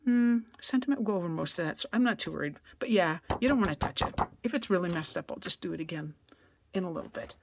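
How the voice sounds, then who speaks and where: A woman's voice: fairly low pitch, animated, quick pace, creaky. Woman craft demonstrator, casual and self-deprecating, home studio with a hair dryer noise in the background. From Canada. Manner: chatty, self-deprecating, thinks aloud.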